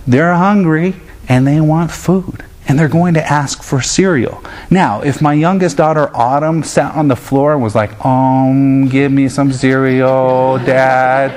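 Man preaching a sermon, slightly high voice. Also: measured pace, a little mellow. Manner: earnest preaching that puts on his children's voices in quotes. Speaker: pastor.

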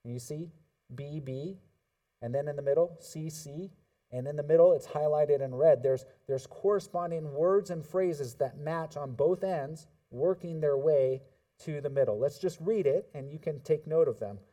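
A man's voice: a little high, normal speed, dark tone, recorded from a distance. A man preaching a casual, conversational sermon as a pastor, explaining scripture to his congregation. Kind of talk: sermon teaching.

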